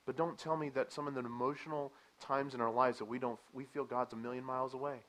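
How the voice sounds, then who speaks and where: A man preaching a sermon, animated and emphatic, asking the listeners rhetorical questions and dropping to a quieter explaining tone at times. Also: mid-range voice, quick pace, rough recording.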